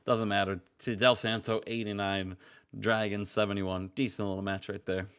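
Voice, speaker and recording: A man's voice: on the low side, level tone, normal speed, fairly bright tone, smooth. A young man co-hosting a video game show, narrating match results and joking with his partner. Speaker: game co-host. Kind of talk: let's-play commentary.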